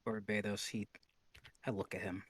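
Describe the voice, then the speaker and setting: A man plays a tabletop role-playing game, describing his character's moves deliberately and with theatrical flair. His voice sits low. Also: flat delivery, breathy edge, no room sound. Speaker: player. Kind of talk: casual tabletop role-play.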